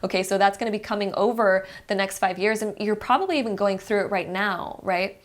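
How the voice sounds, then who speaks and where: A woman's voice: mid-range voice, a little fast. A young woman giving a pick-a-card tarot reading in a chatty, encouraging way, speaking straight to the viewer. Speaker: tarot reader.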